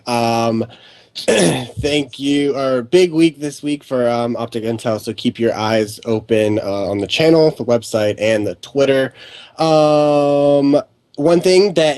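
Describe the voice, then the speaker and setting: A relaxed man co-hosting a podcast at a middle pitch, thanking viewers and passing on news in an easygoing way. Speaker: co-host. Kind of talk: casual podcast chat.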